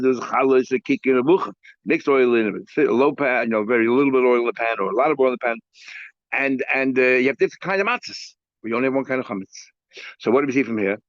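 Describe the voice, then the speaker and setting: A man's voice: mid-range voice, dry recording, lo-fi sound. A rabbi teaching a daily Talmud class. He explains step by step, asks rhetorical questions and mixes Hebrew and Aramaic terms into his talk.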